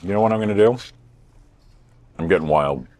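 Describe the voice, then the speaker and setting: Low-voiced dude doing a joky food review vlog, dry self-mocking humor. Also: male voice, brisk. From United States. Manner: playful, self-mocking, deadpan jokes. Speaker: host.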